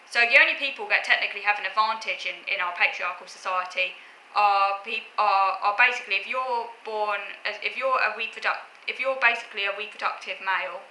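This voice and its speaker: A woman's voice: medium pitch, a little fast, pushed and bright, slight background noise. A woman vlogger earnestly explaining her views, talking in short, restarted phrases. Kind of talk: explaining opinions to camera. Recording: echoey room with faint ambience.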